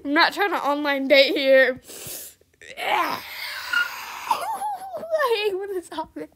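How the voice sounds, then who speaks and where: A woman's voice: sits high, slow pace, fairly bright tone. A young woman giving casual, dramatic gameplay commentary, laughing often and exclaiming. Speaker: gaming video creator.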